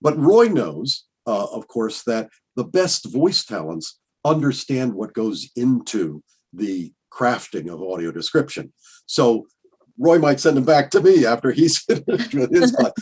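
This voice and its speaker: A man speaking as a guest on a live podcast panel about his teaching, halting but lively. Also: medium pitch, husky. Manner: lively, halting, laughs easily.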